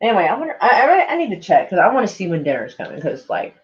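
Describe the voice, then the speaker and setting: A man with a noticeably high voice chats loosely on a live stream, looping through "like" and casual swearing. A mild speech impediment colours his words. The audio is dull and lo-fi, like a cheap home setup. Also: big pitch swings, quick pace. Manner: loose and meandering, heavy on "like", swears freely. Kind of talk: casual rambling stream chat.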